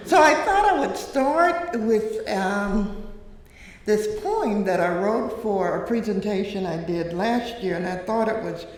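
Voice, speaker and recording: A woman's voice: medium pitch, animated, slow. A woman from South Georgia with a Southern accent, speaking through a face mask as a guest speaker, chatty and informal with a congregation. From South Georgia, USA. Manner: chatty and informal, joking with the audience. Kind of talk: casual talk to a congregation. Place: church sanctuary. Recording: echoey church hall with long reverb.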